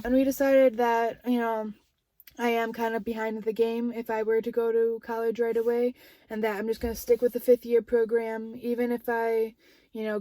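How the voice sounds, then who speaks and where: A woman's voice: on the high side, dark tone, no echo. A young woman talking to her camera in a casual, rambling vlog with lots of fillers. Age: young adult. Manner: rambling, chatty, frequent fillers. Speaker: vlogger.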